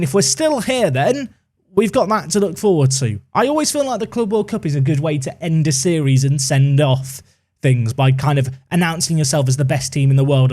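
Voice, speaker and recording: A man's voice: sits high, a little mellow. Chatty man joking over gameplay. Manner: playful, sarcastic, chatty. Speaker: gaming YouTuber commentating his own play. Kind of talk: casual game commentary.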